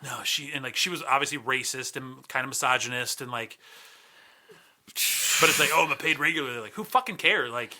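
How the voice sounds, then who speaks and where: A man's voice: mid-range voice, normal speed, pauses often, sharp tone. A man in his forties, a comedian guest chatting casually on a podcast, profane and sarcastic. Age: 40s.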